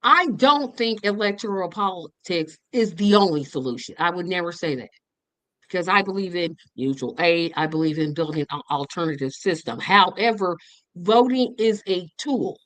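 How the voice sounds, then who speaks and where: A woman's voice: fairly low pitch, lively intonation, normal speed, fairly bright tone, dry recording, rough recording. A woman in a political discussion, speaking emphatically and repeating words for force.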